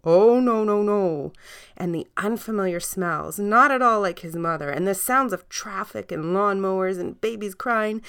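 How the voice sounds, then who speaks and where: A woman reading a children's story aloud, gentle and soft, sometimes dropping almost to a hush. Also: medium pitch.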